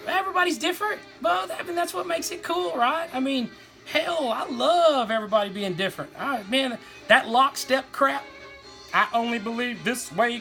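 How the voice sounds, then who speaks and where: A man's voice: high-pitched, sharp tone. A middle-aged man, rambling enthusiastically as he shows off his toy collection. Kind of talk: casual show-and-tell chat.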